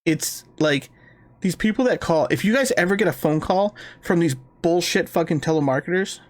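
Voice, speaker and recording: A man co-hosting a casual gaming podcast, telling a prank-call story in an animated, profane way and acting out both sides of the conversation. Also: fairly high pitch, moderate pace. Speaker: podcast co-host.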